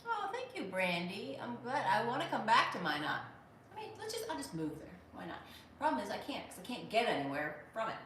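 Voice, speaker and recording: A woman's voice: on the high side, wildly swooping pitch, brisk, fairly bright tone, distant mic. A woman comedian hosting a casual livestream, reading viewer comments aloud and rambling with many restarts. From Pittsburgh. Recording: very echoey room, voice off-mic, faint hum.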